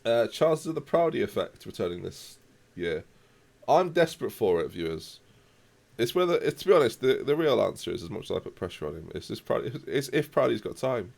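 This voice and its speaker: A young man commentating live on his football management game, reacting loudly to the match and chatting to viewers. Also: medium pitch, sing-song, brisk, gravelly.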